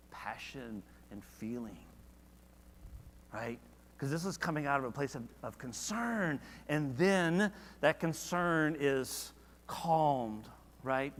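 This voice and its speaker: A man's voice: mid-range voice, big-room sound. A man leading a church Bible study in a casual, conversational way, often asking the class questions. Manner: conversational, asks the class questions, animated when reading verses.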